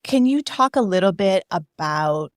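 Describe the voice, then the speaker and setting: A woman hosting a podcast, asking unhurried, attentive questions. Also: mid-range voice, expressive, no room sound, studio quality. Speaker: podcast host. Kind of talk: podcast interview.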